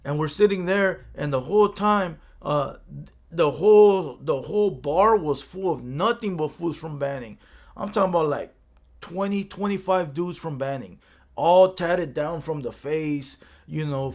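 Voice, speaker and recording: A slightly high, expressive male voice that takes its time. Hailing from Los Angeles County, he spins a street story in a loose, profane style, frequently tossing in "right?" to check in.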